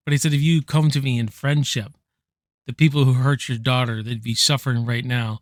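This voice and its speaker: A man casually ranking favorite movies, rambling excitedly, swearing freely and tossing in "man" at every turn. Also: mid-range voice, brisk, no room sound, studio quality. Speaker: movie reviewer. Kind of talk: casual enthusiastic movie countdown.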